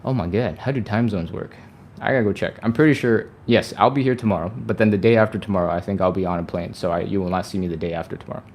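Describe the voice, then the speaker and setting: A man's voice: fairly low pitch, fast talker, darkish tone, slight background noise. A man leading a live stretching workout, chatty and upbeat, sighing and laughing between cues. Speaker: stretching coach.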